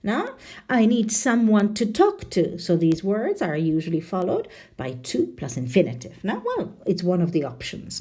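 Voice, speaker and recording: Lively woman teaching grammar. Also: mid-range voice, moderate pace, slightly rough. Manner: lively and chatty, checking in with frequent "no?" tags. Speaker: English teacher. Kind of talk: grammar lesson.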